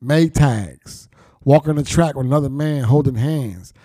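A man's voice: medium pitch, unhurried, mellow, no room sound, clean studio sound. A middle-aged man telling his life story candidly, blunt and profane, with street slang and reflective turns. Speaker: storyteller recounting his past.

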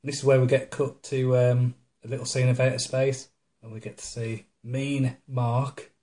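A man, co-hosting a casual podcast chat and retelling a film in a mocking, animated way with put-on voices. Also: mid-range voice, moderate pace. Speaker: podcast co-host. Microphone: studio microphone.

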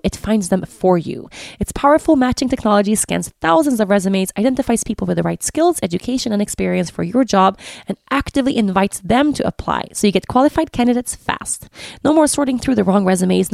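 A woman's voice: medium pitch, creaky, darkish tone, dry recording, studio quality. A woman podcast host reading a sponsor advertisement in an upbeat, scripted way.

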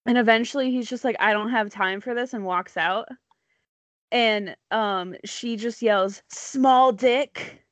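A woman's voice: mid-range voice, steady tone, a little slow, fairly bright tone, dry recording. A woman telling a story in casual chat, rambling with many likes and ums, laughing often.

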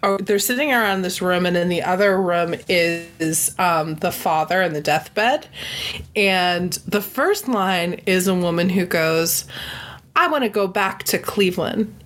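A woman's voice: on the low side, measured pace. Chatty woman reviewing a movie. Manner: chatty, frequent "like", laughs between thoughts. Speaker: podcast co-host. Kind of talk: casual movie-review chat.

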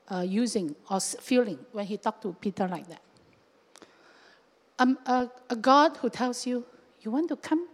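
In a sermon, a woman pastor with a slightly high voice preaches in a lively, animated way, frequently slipping into small acted-out voices and local fillers. The long reverb of a large hall rings around her.

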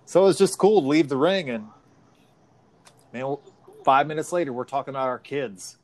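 A man's voice: medium pitch, lively intonation, normal speed, a little mellow. Middle-aged male karate sensei, frank and plain-spoken, casual podcast talk. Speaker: martial arts instructor.

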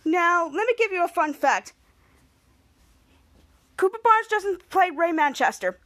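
High-voiced woman recapping a show. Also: big pitch swings, unhurried, a bit bright. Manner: chatty and upbeat, acts out the characters' lines while retelling. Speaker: podcast host. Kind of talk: casual episode recap.

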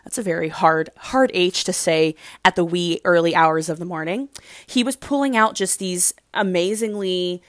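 A woman's voice: fairly low pitch, moderate pace, no echo, clean studio sound. A young woman casually recapping a dating show, gushing and rambling with lots of "like". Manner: gushing, rambling, heavy use of "like".

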